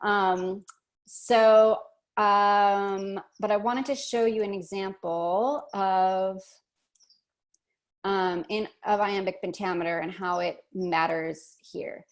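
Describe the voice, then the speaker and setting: A woman's voice: medium pitch, steady tone, takes it slowly. Chatty woman teaching a workshop lesson. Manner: chatty, thinks aloud with fillers and restarts.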